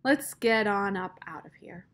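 A woman's voice: medium pitch, unhurried, a bit bright. A woman voicing a plainspoken older woman who talks in folksy dialect and sets others straight firmly. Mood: fired up. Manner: folksy dialect, firm and matter-of-fact.

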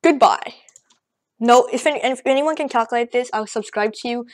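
High-ish girl voice, out of breath, rambly jokey game commentary at her computer. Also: a little fast. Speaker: gaming channel host. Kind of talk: casual gameplay commentary. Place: at home at a computer.

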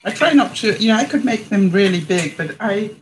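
A woman's voice: mid-range voice, lively intonation, a little fast, very noisy. Chatty woman cooking on a live stream. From Canada. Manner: chatty, laughs often, talks to viewers. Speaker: vlogger. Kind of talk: casual live cooking demonstration.

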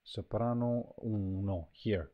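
A man walks through a choir sample library, talking casually and haltingly with many fillers and restarts. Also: fairly low pitch, narrow, tinny audio. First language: Italian. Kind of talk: casual software walkthrough.

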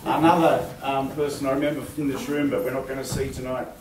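An Australian man performing a comic bush poem live in a hall, theatrical and lively, with chuckling asides. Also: mid-range voice, quick pace, heavy background noise. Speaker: folk club performer. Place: large hall, live concert. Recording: echoey hall, from far off, music.

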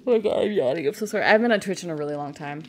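A woman's voice: lowish voice, lively intonation, rapid-fire, a little hiss or hum. A woman from Canada chatting casually and making crude jokes while playing a game on a live stream.

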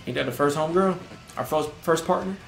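Young man joking loudly over a game. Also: a little high, fast talker, creaky. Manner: loud, joking reactions with slang and frequent laughs. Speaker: gaming streamer. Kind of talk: casual let's-play commentary. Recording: roomy with music in background.

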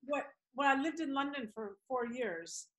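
A woman's voice: high voice, expressive, normal speed, fairly bright tone, low-quality recording. A woman from New York with an American accent, a podcast guest chatting over a video call in an effusive, heartfelt way. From New York City. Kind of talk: casual video-call chat.

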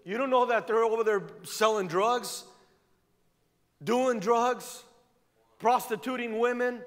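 Fervent high-voiced male pastor preaching. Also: steady tone, takes it slowly, a bit bright. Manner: fervent, repeating phrases for emphasis. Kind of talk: sermon. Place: church sanctuary. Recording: long church hall reverb.

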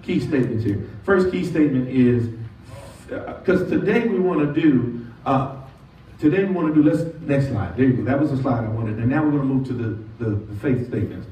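Pastor preaching in an echoey church. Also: male voice, mid-range voice, expressive, dark tone. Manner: call-and-response preaching, slow drawn-out emphasis. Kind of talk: sermon. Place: church sanctuary. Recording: distant echoey church sound with dull lo-fi audio and faint noise.

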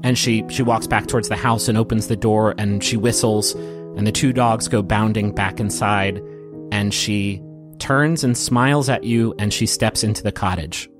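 A man narrating a tabletop game as game master, soft and emotional, with small restarts. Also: lowish voice, fairly even intonation, moderate pace, over music.

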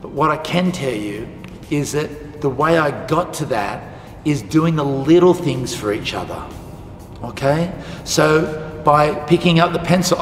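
Aussie guy teaching kids, kinda high voice, lively storytelling, echoey hall w/ soft music. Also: measured pace. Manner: animated, acts out quoted dialogue. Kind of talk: storytelling lesson for school students.

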